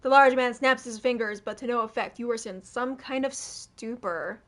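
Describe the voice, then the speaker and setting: A woman's voice: fairly high pitch, normal speed, a bit bright. A woman playing a detective game and reading the hero's lines aloud in a playful way, with jokey asides. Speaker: game player reading dialogue.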